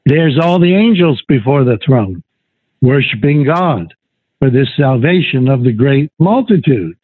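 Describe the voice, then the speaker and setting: A man leading a Bible study, reading scripture aloud and explaining it in a slow, deliberate way over a phone line. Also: mid-range voice, expressive, slightly rough, no echo. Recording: tinny phone-line recording.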